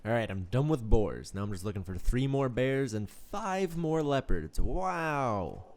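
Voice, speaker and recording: A man talks through a game he is playing, keeping things casual and full of jokes. His pitch leaps around freely, and he hams up moments into mock-tragic speeches. Faint music sits under his voice. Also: sing-song, measured pace. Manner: playful, joking, swings into mock melodrama. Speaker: let's play host. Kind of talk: casual gameplay commentary.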